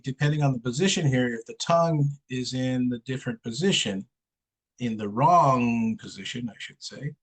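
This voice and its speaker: A man's voice: mid-range voice, poor audio. A man teaching English pronunciation in an online one-on-one lesson, patient and repeating sounds for the student to copy. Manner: patient, slow, drills sounds with repetition.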